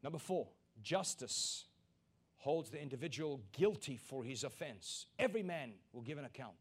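A man preaching a sermon as pastor, emphatic and repeating key lines, building to loud peaks. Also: a little high, animated, moderate pace, husky.

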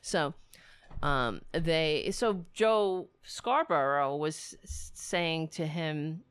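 A woman's voice: low voice, extremely slow, clear, resonant tone. A woman hosting a livestream from home, ranting about politics in a sarcastic, profane, exasperated way. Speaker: livestream host. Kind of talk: casual political rant. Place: home in a city apartment.

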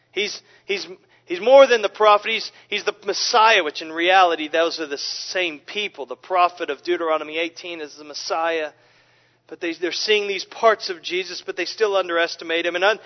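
Male pastor mid-sermon, animated delivery with stumbling restarts, muffled lo-fi audio. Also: sits high. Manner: animated, repeats words as he restarts. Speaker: preacher. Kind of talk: expository sermon. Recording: lo-fi dull recording.

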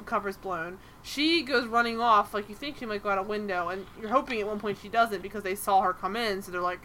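Bright-voiced exasperated woman podcaster. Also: medium pitch, a little fast, slight background noise. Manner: animated, exasperated, swears freely. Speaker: podcast host. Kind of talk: casual chat recapping a TV episode.

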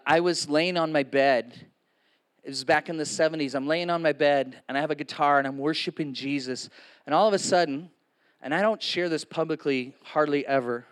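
A man in his sixties preaches a sermon before a live congregation, keeping it casual and joking with frequent asides to the audience. His voice is a little high, clear, and resonant.

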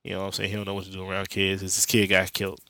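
A man's voice: deep voice, completely flat delivery, racing, gravelly, pushed and bright, no echo. A young man hosting a podcast, recapping a comic book story in streetwise slang with jokes and lots of profanity. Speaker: podcast host.

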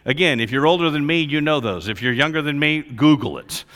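Pastor preaching, bright voice bouncing all over, big echoey church hall. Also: male voice, on the high side, animated, fairly quick. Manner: dynamic preacher swinging from loud to hushed. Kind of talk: sermon. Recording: long reverb of a large hall.

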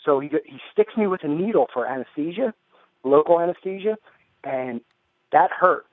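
A man's voice: fairly high pitch, expressive, normal speed, no room sound, narrow, tinny audio. A man on a comedy podcast, telling a story in casual chat and laughing through it. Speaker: podcast co-host.

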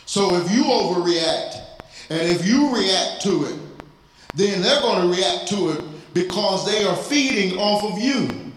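A man's voice: high-pitched, lively intonation, measured pace. A man preaching a sermon as pastor, speaking of fatherhood and lifting his voice into pleading prayer. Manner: preaching, rising to cries in prayer. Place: church sanctuary. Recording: very echoey church hall, faint noise.

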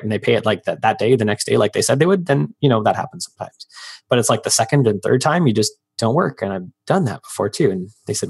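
A man's voice: mid-range voice, animated, gravelly, husky. A man in his thirties, a podcast guest, talking casually and telling stories with acted-out quotes. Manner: fast, storytelling with acted-out quotes. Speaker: guest, freelance business owner.

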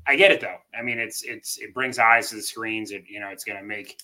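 Bright-voiced sports podcast co-host. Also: male voice, on the low side, fairly even intonation, a little fast. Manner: rambling, restarts and fillers, stat-heavy. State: coughing, throat-clearing, phlegmy. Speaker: co-host, Chiefs fan. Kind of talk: casual sports podcast chat.

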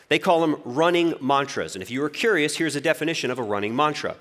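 A man's voice: a little high, fast, few pauses. A pastor in his forties telling a personal story in a sermon, acting out the voices in his head with humor. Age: 40s. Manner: lively storytelling, acts out inner voices.

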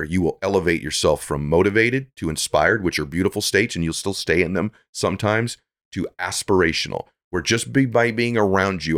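A man's voice: deep voice, a bit bright. A middle-aged man speaking as a podcast guest, giving earnest, preachy motivational talk that builds to emphatic peaks.

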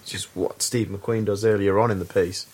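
A man co-hosting a casual film podcast, briskly explaining plot logic. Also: lowish voice, steady tone, a little mellow. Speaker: podcast co-host.

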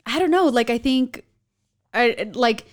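A woman in her thirties, a mother, chatting casually and thinking out loud. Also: on the high side, expressive, a little slow. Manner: agreeable, reflective, speaks as a parent. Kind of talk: casual chat.

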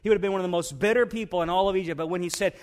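A man's voice: sits high, fairly even intonation, rapid-fire. A male pastor preaching a sermon, retelling a story in an earnest, folksy way.

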